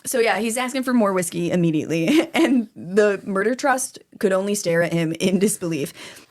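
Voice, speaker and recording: A woman co-host walks her friend through a true crime tale in loose, conversational storytelling. She's animated and swears freely, often laughing between phrases. Her voice sits in a middle register. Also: medium pitch, moderate pace.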